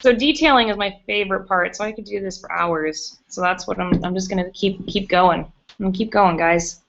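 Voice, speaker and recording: A woman's voice: mid-range voice, brisk, gravelly, fairly bright tone. A woman live-streaming from her home studio, chatting casually and gushing as she answers viewers while she works. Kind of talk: casual chat while working. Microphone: computer mic on a livestream. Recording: muffled lo-fi stream audio, faint music.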